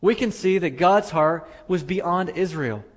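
A man's voice: sits high, unhurried. A man preaching a sermon as pastor, earnest, repeating phrases for emphasis.

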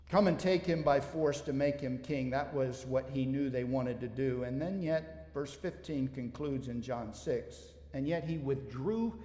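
A man's voice: mid-range voice, a little slow, few pauses, mellow. A man preaching a sermon as a pastor, emphatic and repeating his key phrases. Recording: echoey hall reverb.

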